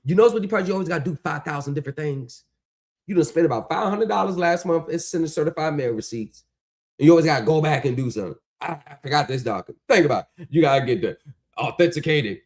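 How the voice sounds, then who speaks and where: Animated, mocking male livestream host. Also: on the high side, fast talker. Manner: animated, mocking, profane, rhetorical questions. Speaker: stream host. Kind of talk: ranting livestream talk.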